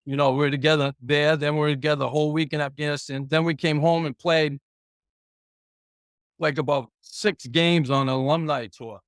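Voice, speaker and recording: A retired pro hockey player telling rambling, profane stories as a guest in a casual interview, chuckling along the way. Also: male voice, fairly high pitch, fairly even intonation, normal speed, no room sound, clean studio sound.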